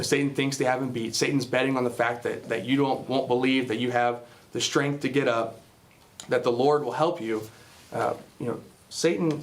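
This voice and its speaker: A man speaking to a Bible class, retelling a film scene in a rambling, casual way to draw a moral. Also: mid-range voice. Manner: rambling, many fillers and restarts.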